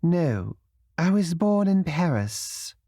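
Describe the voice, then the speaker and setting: A man's voice: high voice, lively intonation, darkish tone, no room sound, clean studio sound, voice pushed up. A man doing a sad, proud British woman. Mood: wistful. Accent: British English. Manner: slow, reluctant, cracking voice. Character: heartbroken young woman, proud and reluctant. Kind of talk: audiobook character reading.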